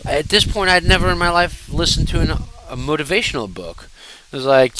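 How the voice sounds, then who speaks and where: A man telling personal stories casually to camera, animated and digressive, often turning to address his viewers directly. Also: on the high side, moderate pace, low-quality recording. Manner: fidgety while talking. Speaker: storyteller.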